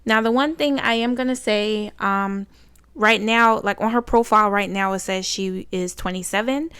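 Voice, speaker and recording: A woman's voice: mid-range voice, moderate pace, smooth, no room sound. A woman hosting a reaction channel, reading out text messages in casual commentary and reacting bluntly with exasperation. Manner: blunt, exasperated, rising loud when indignant.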